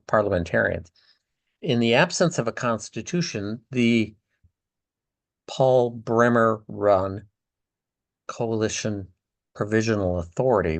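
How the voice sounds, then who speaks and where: An older man speaks in a fairly low voice, explaining events step by step. He leans on words he wants to stress. The sound is dry and close, with no room around it. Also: no room sound. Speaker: former ambassador recounting diplomacy. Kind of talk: oral history interview.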